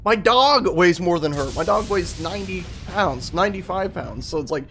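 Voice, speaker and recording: A young man giving rambling, excitable, profane commentary while streaming a game. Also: high-pitched, moderate pace, soft background music. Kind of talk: casual let's-play commentary.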